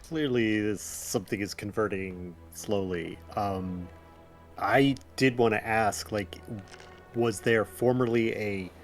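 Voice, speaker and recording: A man playing a tabletop game, his voice on the low side. He thinks aloud and questions the game master, often breaking off and restarting his sentences. Faint music sits behind him. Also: slow pace. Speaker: player.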